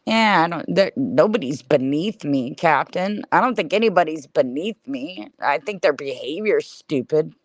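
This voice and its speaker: A woman's voice: low-pitched, expressive, moderate pace, few pauses, dry recording. Scornful, foul-mouthed middle-aged woman. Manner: blunt, heavy swearing, scornful. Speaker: livestreamer. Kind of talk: profane livestream rant.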